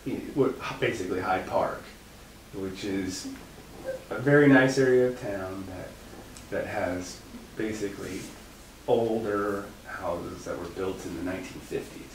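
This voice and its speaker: A man guest in an interview, telling a long anecdote in a casual, animated way, laughing at his own story. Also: low-pitched, a little slow. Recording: echoey room, far from mic, faint noise.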